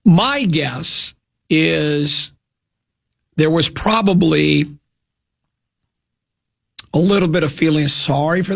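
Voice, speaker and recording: A man's voice: fairly high pitch, gravelly, a bit bright. A man hosting a sports radio show, talking casually and rambling with restarts and dry self-mocking asides, from a studio microphone.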